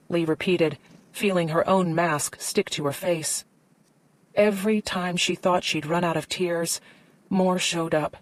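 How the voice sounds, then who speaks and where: This scripted audiobook narration comes from a woman whose voice sits low, delivered with steady, measured storytelling. The recording carries no room sound.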